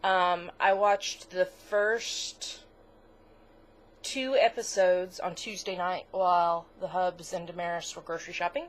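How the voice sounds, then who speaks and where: A woman's voice: on the low side, fairly even intonation, slow. A middle-aged woman co-hosting a crafts podcast in casual chat, gushing, chatty and easily moved. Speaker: podcast co-host.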